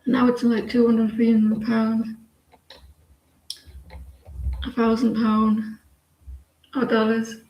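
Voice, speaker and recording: Slow and completely flat, this somewhat high female voice is captured in an echoey room with the highs cut off. She's a tarot reader in her forties doing a live-stream reading and chatting casually, full of fillers and restarts as she rambles.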